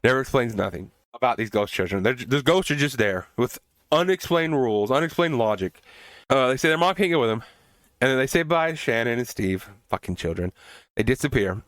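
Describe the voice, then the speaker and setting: Brief: male podcast host, mid-pitch, exasperated casual recap, swears, dry close sound. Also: expressive, fairly quick, fairly bright tone, no room sound. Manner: exasperated, swears for emphasis, restarts often. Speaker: podcast host reviewing films. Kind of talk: casual spoken movie recap and review.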